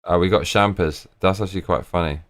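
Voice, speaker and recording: A man hosting a live reaction stream, excitable and profane, reading viewer comments aloud. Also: sits low, fast talker, a crowd in the background.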